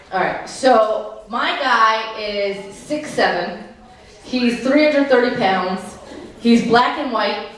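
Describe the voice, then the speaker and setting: A woman, doing brash, self-mocking live stand-up comedy. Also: fairly high pitch. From New York. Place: comedy club stage. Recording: echoey live room, mic at a distance. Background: audience laughter.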